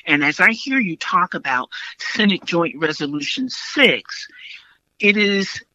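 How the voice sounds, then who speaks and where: A woman hosts a podcast interview, speaking in a measured, articulate way. Her voice is bright and forward. The recording is dull and dry, with little room sound. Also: lowish voice, very animated, no echo. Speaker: podcast host.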